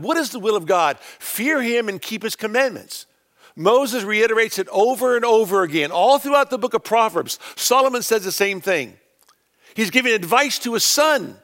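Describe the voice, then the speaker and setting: A male preacher delivering a sermon, stressing key words loudly and then dropping into quieter, lower phrases. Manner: emphatic, swings between loud stresses and quiet low phrases.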